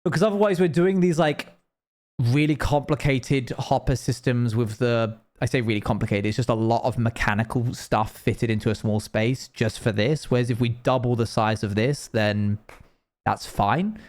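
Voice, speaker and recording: A man's voice: mid-range voice, darkish tone. Chatty young man streaming a game. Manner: rambling, chatty, quick to laugh. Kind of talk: casual live-stream chat while playing.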